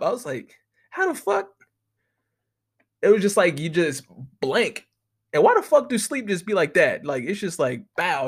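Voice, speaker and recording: Profane, rambling young man, higher voice. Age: young adult. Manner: profane, rambling, laughs often. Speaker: vlogger. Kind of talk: casual rambling monologue.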